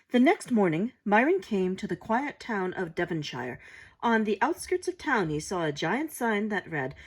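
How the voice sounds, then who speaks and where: A woman who hosts a craft channel, reading a storybook aloud in an expressive, unhurried way. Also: fairly low pitch, slightly rough, low-quality recording. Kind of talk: storybook narration.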